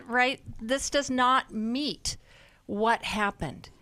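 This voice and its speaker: Female radio counselor, smooth voice, unhurried, empathetic and emphatic. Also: a little high, bright, forceful tone, no room sound. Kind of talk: call-in advice talk. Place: radio studio.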